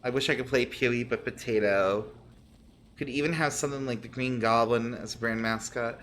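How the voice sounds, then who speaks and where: A man's voice: medium pitch, brisk, fairly bright tone, a little hiss or hum. A man streaming a game, chatting casually, swearing and laughing often. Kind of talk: casual gaming chat.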